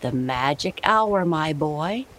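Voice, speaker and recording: A woman voicing a kind, playful fisherman uncle in a bedtime story, reading his lines in a gently teasing way. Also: deep voice, animated, slow pace, a little hiss or hum, exaggerated voice. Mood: cheerful.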